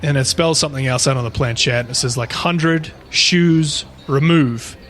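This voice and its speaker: A man's voice: mid-range voice, moderate pace, a bit bright. A man co-hosting a podcast, casually retelling a paranormal story in a rambling way, with frequent swearing. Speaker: podcast co-host.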